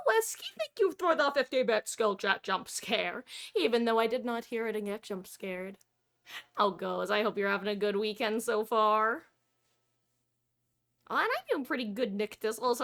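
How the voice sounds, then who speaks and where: A woman streamer chatting casually with her viewers, rambling and correcting herself as she goes. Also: on the high side.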